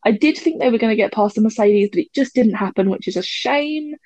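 A woman's voice: a little high, animated, brisk, a little mellow, no echo. A woman co-hosting a casual podcast chat, talking freely and laughing often. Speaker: podcast co-host.

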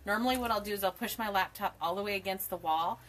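Woman, 40s, home craft streamer; bright tone, rambling and giggly, talks to viewers by name. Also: medium pitch, fast talker. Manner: chatty and rambling, laughs often, greets viewers by name. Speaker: craft tutorial host. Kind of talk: live-streamed craft tutorial chat. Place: home craft desk indoors. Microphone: camera mic at a desk.

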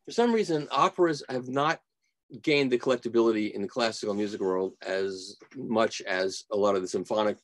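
A man's voice: on the low side, brisk, dry recording. Rambling man telling stories, dry sound. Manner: rambling storyteller, restarts sentences. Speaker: guest audio reviewer. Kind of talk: casual interview.

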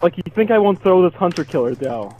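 High-voiced trash-talking young gamer. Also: male voice, big pitch swings, quick pace, slightly rough, highs cut off. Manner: yelling, laughing, trash-talking. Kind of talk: live gameplay commentary with friends.

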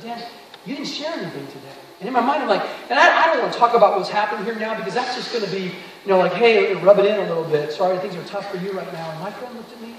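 Male pastor, sermon, lively storyteller; high voice, recorded from far off in a big echoing hall. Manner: animated storytelling with acted quotes. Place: large church hall. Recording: echoey hall, from far off, noisy.

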